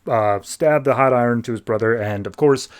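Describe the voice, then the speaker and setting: A man hosting a podcast, casually retelling a comic book plot, leaning on "like" and dropping into quick mock voices for the characters. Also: medium pitch, clear, resonant tone. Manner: chatty storytelling, heavy use of "like", slips into quick mock voices for characters. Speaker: podcast host.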